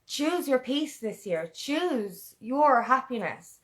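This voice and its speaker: This woman's voice sits high and sounds animated, a little slow, with hardly any pauses. She's an empowerment coach in a motivational vlog, emotional and nearly in tears as she speaks earnestly and keeps returning to a mantra.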